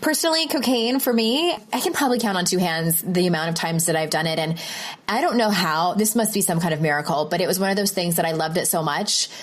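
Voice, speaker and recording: Woman podcast host, casual and responsive, lower-pitched voice. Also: fast talker. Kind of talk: casual interview chat.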